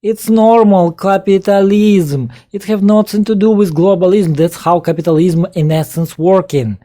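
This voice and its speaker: A man's voice: sits high, fairly even intonation, moderate pace, dark tone. A man with a Russian accent whose first language is Russian, giving reaction commentary on a played video and firing exasperated rhetorical questions in broken English. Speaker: political commentator.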